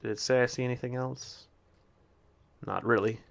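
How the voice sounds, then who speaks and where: Here a gameplay commentator with a creaky, mid-range voice keeps a steady tone and moderate pace. In casual let's-play fashion, he talks to the animals along the way and reads the game's text out loud.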